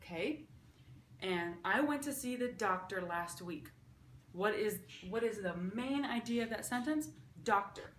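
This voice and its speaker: A woman in an ordinary middle pitch gives a casual, upbeat lesson and walks through each example step by step. She keeps checking in with her viewers as she goes. The room is echoey, with faint noise in the background. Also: expressive, measured pace, a bit bright. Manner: upbeat, explains step by step, often checks with "okay?". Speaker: sign language teacher. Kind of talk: casual teaching at a whiteboard.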